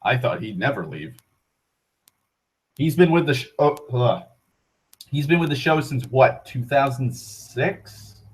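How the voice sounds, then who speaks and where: A young man hosting an online talk show, rambling casually with frequent profanity, restarts and excited tangents. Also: medium pitch, a little slow, long pauses, low-quality recording. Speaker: internet talk show host.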